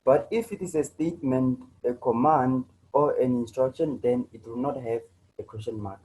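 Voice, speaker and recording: A man's voice: medium pitch, normal speed, a little mellow, slight background noise, rough recording. A man teaching an online grammar lesson, repeating himself and checking in with students as he goes. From South Africa. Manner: repetitive, restarts often, checks in with "right?" and "you know".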